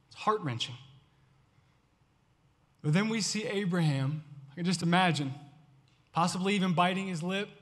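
A male youth pastor preaching a sermon to students with impassioned, repetitive exhortation, swinging from loud urging to hushed storytelling. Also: high-pitched, big-room sound.

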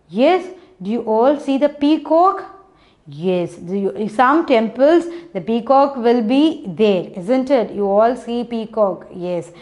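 A young woman with an Indian English accent teaching phonics to small children, patient and encouraging, breaking into short sing-song chants. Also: sits high.

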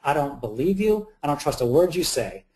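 A man voicing a very large, angry factory worker who yells accusations at his boss, inside a recounted story. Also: a little high, sing-song, moderate pace. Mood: furious. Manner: shouting accusations. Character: huge furious male factory worker yelling.

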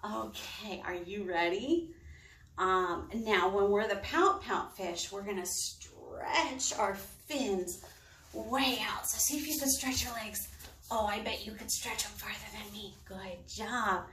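A woman librarian leading children through storytime yoga, talking in a slow, encouraging, coaxing way. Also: medium pitch, sharp tone, a little hiss or hum. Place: on a balcony. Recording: roomy, distant mic.

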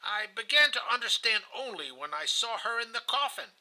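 A man's voice: very high-pitched, big pitch swings, normal speed, pushed and bright, rough recording. A man reading a novel aloud in the first person, earnest and confessional. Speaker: audiobook reader.

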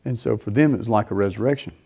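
A man's voice: lowish voice, very fast, vocal fry, mellow, breathy edge. A middle-aged man preaching, telling a personal story in a rambling way with many fillers and restarts. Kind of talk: sermon testimony.

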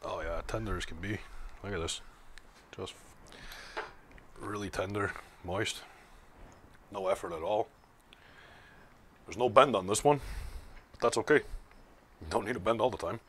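A man's voice: lowish voice, a little slow, pauses often, a bit bright, slight background noise. A man hosting his own barbecue video, chatting casually while slicing and tasting. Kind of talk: casual cooking vlog narration.

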